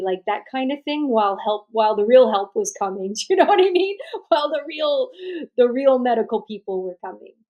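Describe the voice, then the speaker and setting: A woman, a podcast guest telling a personal story in a chatty, animated way and laughing often. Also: a little high. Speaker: podcast guest, death doula. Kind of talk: storytelling in an interview.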